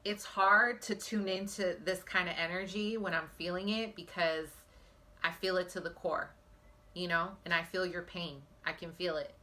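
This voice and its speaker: A woman's voice: lowish voice, fairly even intonation, moderate pace, sharp tone. A woman giving a pick-a-card psychic reading on her phone, talking earnestly and emotionally straight to her viewers. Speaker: psychic tarot reader.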